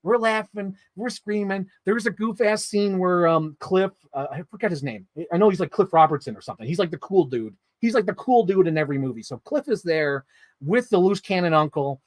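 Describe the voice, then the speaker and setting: A man casually reviewing movies in a vlog, telling stories in an excitable, rambling way full of swearing and filler words. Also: sits high, a little fast, dry recording, studio quality.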